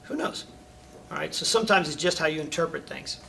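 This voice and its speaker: A man's voice: brisk, vocal fry, pushed and bright. A middle-aged man, a karate instructor, talking casually to his students and coaching them, often checking in with "all right?". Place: karate school training hall. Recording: distant mic, faint rumble.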